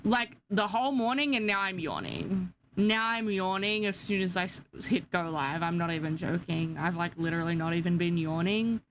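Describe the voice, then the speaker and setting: A woman's voice: lowish voice, expressive, normal speed, few pauses, slight background noise. A young woman chatting casually to her live-stream chat, sleepy, giggly and yawning. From Australia.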